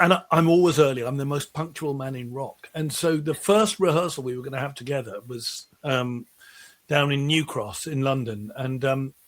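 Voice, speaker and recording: A middle-aged man with a fairly high voice, guesting on an interview show. He tells long, animated stories and keeps restarting his sentences. His delivery is casual and chatty. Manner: animated, rambling anecdotes with frequent restarts. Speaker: musician guest.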